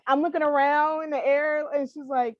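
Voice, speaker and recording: A high-pitched woman co-hosts a podcast and rambles animatedly, restarting her sentences. The sound is dry and slightly dull. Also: level tone, normal speed, no echo. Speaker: podcast co-host. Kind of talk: casual chat.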